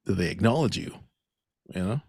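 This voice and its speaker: A man co-hosting a casual comedy podcast, chatting in an animated way and often asking "you know what I mean?". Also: sits low, fairly quick, gravelly, breathy edge, no room sound, clean studio sound.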